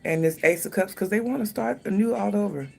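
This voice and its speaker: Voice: mid-range voice, a little fast, vocal fry, slight background noise. A tarot reader giving a casual reading, thinking aloud, speaking straight to the viewer and swearing freely.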